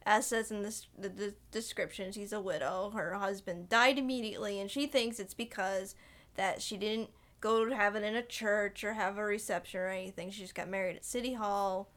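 A woman's voice: medium pitch, steady tone, moderate pace, fairly bright tone. A young woman co-hosting a podcast, casually retelling a film's scenes and slipping into quoted lines. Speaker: podcast co-host. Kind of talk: casual film chat.

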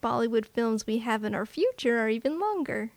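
A woman co-hosting a film podcast in a casual chat, talking in quick asides and laughing often. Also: on the high side, expressive, gravelly, no echo. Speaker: podcast co-host.

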